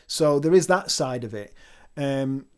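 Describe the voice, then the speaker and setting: A man's voice: mid-range voice, animated, measured pace, smooth. A man co-hosting a casual podcast, chatty and teasing with lots of restarts. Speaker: podcast co-host.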